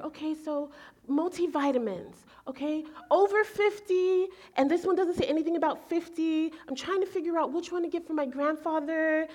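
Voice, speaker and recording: Woman in her 40s preaching, high voice, animated story, acts out her own thoughts. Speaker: pastor. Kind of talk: sermon storytelling.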